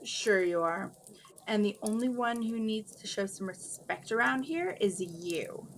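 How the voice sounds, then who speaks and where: A haughty, demanding rich girl from a storybook who snaps at everyone, read by a woman. Her voice is mid-pitched and sharp-edged. Faint hiss sits under it. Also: animated, unhurried. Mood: snappish. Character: spoiled bossy rich teenage girl. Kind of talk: reading a story aloud.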